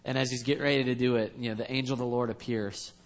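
A man's voice: medium pitch, fairly even intonation, very fast. A man preaching a sermon as a pastor, earnest and conversational, with frequent restarts.

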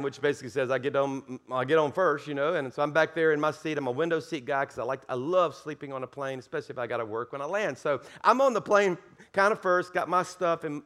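A pastor with a Southern US accent telling a lively, self-mocking story during a sermon. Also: male voice, high voice.

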